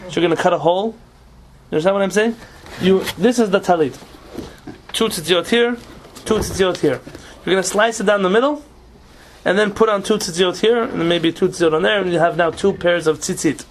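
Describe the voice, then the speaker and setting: A man's voice: high voice, fairly quick, a little hiss or hum. A man teaching an informal religious law class as rabbi, explaining with rhetorical questions and Hebrew terms.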